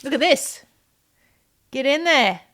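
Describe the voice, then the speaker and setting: Woman, 30s, slightly high voice, chatty vlogger with dry whispered asides. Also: expressive, takes it slowly, a bit bright. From non-US, immigrant to the USA. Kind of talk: casual personal vlog narration.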